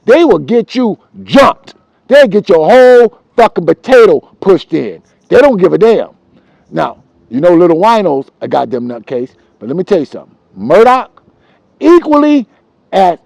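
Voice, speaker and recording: A man telling street stories from his childhood in a casual, profane, animated way, repeating himself for emphasis. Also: high voice, vocal fry, no room sound, poor audio. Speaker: storyteller.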